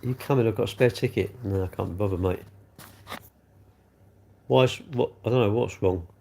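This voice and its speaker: A man's voice: fairly low pitch, moderate pace, gravelly, dark tone, slight background noise. A middle-aged man, rambling through a casual livestream and answering viewer comments, calling them mate. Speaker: livestream host.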